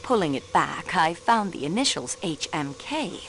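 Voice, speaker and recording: A cool young amateur sleuth. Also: female voice, fairly low pitch, very animated, normal speed, a little hiss or hum. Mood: probing. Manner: poised, probing and polite, with French phrases. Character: sharp young female sleuth, cool and persistent. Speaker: railway clerk acting as detective. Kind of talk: video game voice acting.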